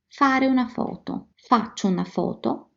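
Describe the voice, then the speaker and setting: A woman with an Italian accent teaching a language lesson, repeating phrases slowly and carefully for learners. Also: fairly high pitch, vocal fry, fairly bright tone. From Italy. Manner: slow, careful repetition for learners. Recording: slightly dull lo-fi audio.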